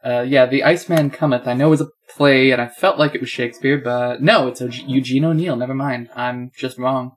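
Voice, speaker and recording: A man's voice: medium pitch, steady tone, a little fast, hardly any pauses. A man co-hosting a casual podcast, wry and rambling, correcting himself as he goes. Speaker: podcast co-host. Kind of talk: casual chat.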